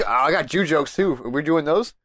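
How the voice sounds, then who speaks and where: A man's voice: on the high side, animated, moderate pace, a bit bright, no echo. A man bantering with friends on a podcast, reacting to jokes with laughter and teasing comments. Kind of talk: casual banter among friends.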